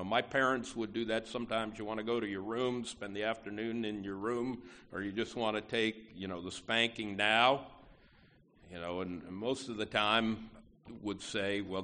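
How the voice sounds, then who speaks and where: A man's voice: lowish voice, fairly even intonation, moderate pace, sharp tone, a little hiss or hum. A man preaching a conversational sermon in a folksy way, full of asides and stressing key words. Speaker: pastor.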